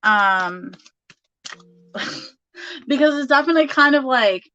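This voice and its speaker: A woman's voice: a little high, a little slow, long pauses, bright, forceful tone, no echo, lo-fi sound. A woman giving a casual tarot reading, chatty and full of fillers, laughing often. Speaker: tarot reader.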